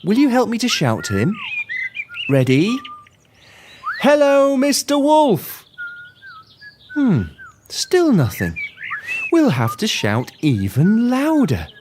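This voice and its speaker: A woman telling a story to young children, gently and expressively, talking to her listeners. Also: mid-range voice, huge pitch swings, takes it slowly, noisy background.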